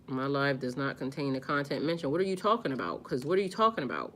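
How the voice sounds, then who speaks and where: Bright-voiced woman ranting on a live stream. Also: rumbling low, fast talker, slight background noise. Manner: animated, profane, slangy, talks straight to viewers. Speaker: spiritual vlogger live-streaming. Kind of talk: casual live-stream chat.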